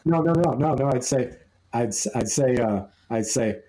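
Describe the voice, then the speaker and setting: Mellow-voiced man telling a rambling story. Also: medium pitch, moderate pace, rough recording. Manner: rambling, amused anecdote-telling with many restarts. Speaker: podcast co-host. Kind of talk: casual storytelling chat.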